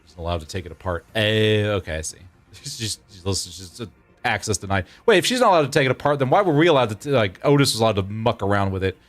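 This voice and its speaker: A man in his thirties with a fairly low voice chats loosely with his viewers during a game stream. He laughs easily and restarts his sentences as he thinks aloud. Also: very animated, quick pace, faint music behind. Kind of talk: casual gameplay chat with viewers.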